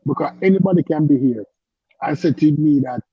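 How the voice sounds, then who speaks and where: A man's voice: a little high, a little fast, husky, no echo, muffled recording. A man with a French accent, a caller on a live online panel, arguing insistently and repeating himself to make his point. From French-speaking.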